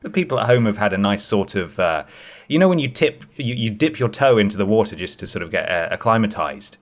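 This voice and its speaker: A man's voice: on the low side, brisk. A man co-hosting a comedy podcast, teasing and joking in casual chat. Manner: jokey, teasing, animated. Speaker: podcast co-host.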